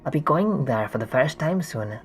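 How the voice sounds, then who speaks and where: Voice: animated, normal speed, soft background music, natural voice. A streamer voicing a laid-back young man who talks from behind a fox mask, muffled and rambling, in a game playthrough. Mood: easygoing. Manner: easygoing, rambling sales pitch.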